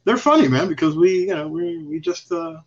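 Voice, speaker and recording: A man's voice: fairly high pitch, expressive, brisk. A man guest telling stories in casual chat, rambling and swearing with chuckles. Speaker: podcast guest. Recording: slightly dull lo-fi recording.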